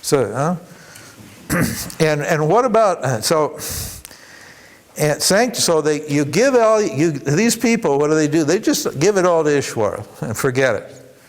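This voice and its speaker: Man, spiritual teacher, workshop talk, lively, acts out quotes, fairly high voice. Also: unhurried, long pauses. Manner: animated, acts out quoted voices, chuckles between points.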